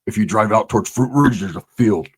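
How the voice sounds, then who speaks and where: A man's voice: on the low side, fairly quick, breathy edge, pitched below the performer's own voice. A man voicing a laid-back drug-dealing man who drawls and keeps calling everyone brother. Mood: scheming.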